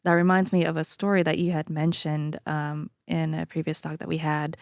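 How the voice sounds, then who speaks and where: Woman interview host, easygoing and quick to laugh, lower voice, dry recording. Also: little pitch movement, dry recording. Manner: warm, laughs along with the guest. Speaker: podcast host. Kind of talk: casual interview.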